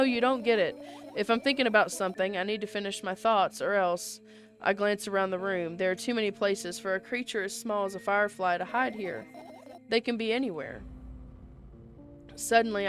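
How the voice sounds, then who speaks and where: Female game reader, mid-range voice, performs every part herself, faint music bed. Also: mid-range voice. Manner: reads all parts herself, with casual asides. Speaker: game player reading aloud. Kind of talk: reading a visual novel aloud.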